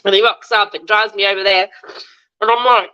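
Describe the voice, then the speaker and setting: A woman's voice: medium pitch, fairly even intonation, fairly quick, pushed and bright, clean tone, rough recording. A woman in her thirties with an Australian accent, telling her story as an interview guest in a candid, chatty way. She acts out the dialogue she quotes.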